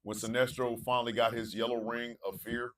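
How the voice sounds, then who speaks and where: A man hosting a morning talk show, animated, chanting hype calls and ranting, swinging between shouts and low asides. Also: a little fast, far from the mic, low-quality recording. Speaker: radio show host.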